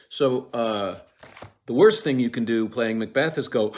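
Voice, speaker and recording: A man giving a casual lecture on a play, retelling scenes with profane, lively asides and reciting verse lines, sometimes dropping into a whisper. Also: medium pitch, measured pace. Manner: casual and profane, many fillers and restarts.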